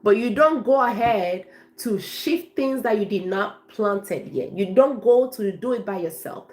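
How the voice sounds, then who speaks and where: A woman's voice: medium pitch, animated, unhurried. A woman from Africa, a life coach, chatting effusively on a live stream and thanking her viewers by name.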